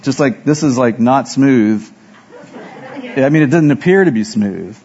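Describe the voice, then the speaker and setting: A man's voice: medium pitch, animated, a little slow, darkish tone, breathy edge, muffled recording. A man preaching a sermon as pastor, telling self-deprecating stories and acting out the dialogue.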